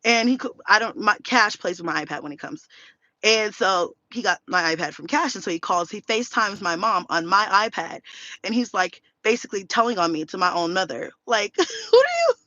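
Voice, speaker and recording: A woman in her thirties telling a story in a casual vlog rant, blunt and animated, swearing freely. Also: medium pitch, a little fast, no echo, muffled recording. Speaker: vlogger.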